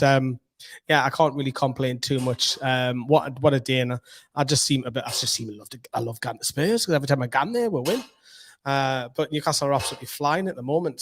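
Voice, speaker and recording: Upbeat Geordie man, slightly hoarse voice. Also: medium pitch, slight background noise. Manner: excitable, rambling, upbeat. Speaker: football fan channel host. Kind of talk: casual football chat to camera. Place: room at home.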